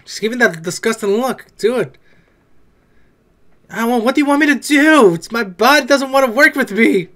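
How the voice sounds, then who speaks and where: Excitable higher-voiced man reacting to anime. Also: normal speed. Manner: excitable, swearing, blurts reactions. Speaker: anime reaction video creator. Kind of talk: casual anime reaction commentary.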